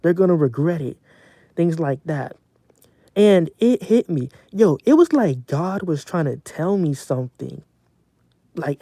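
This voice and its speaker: A young man streaming casually from home, venting in a profane, animated rant. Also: on the high side, no echo.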